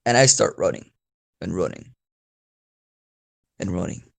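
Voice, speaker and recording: Gravelly low-voiced man rambling a story. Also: sing-song, a little slow. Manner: rambling, profane, laughs often. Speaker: storyteller YouTuber. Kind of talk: casual improvised storytelling.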